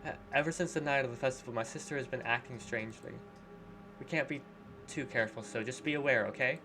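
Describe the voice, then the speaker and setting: A man's voice: mid-range voice, quick pace, background noise, lightly acted. A man reading a visual novel aloud, voicing a polite teenage girl who earnestly warns a friend to be careful. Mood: worried.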